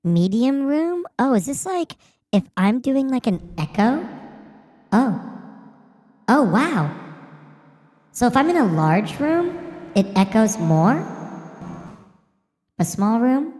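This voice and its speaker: A woman streamer talking at an unhurried pace, curious and thinking out loud as she tries settings and reads game lines. Her mid-range voice is recorded dry and close to a desk mic. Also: fairly high pitch, big pitch swings, dry recording. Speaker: streamer voicing game characters. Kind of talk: casual stream chat and game voicing.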